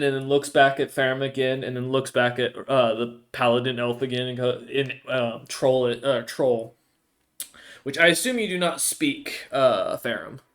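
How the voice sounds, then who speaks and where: Man, game master, tabletop narration, rambling, mid pitch. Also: a bit bright. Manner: rambling, many fillers and restarts, descriptive.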